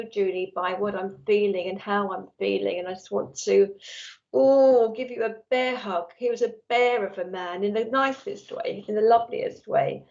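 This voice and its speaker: A woman working as a psychic medium on a live stream, chatty and affectionate, reading messages from viewers. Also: medium pitch. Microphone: earphones with mic. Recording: slightly dull lo-fi stream audio.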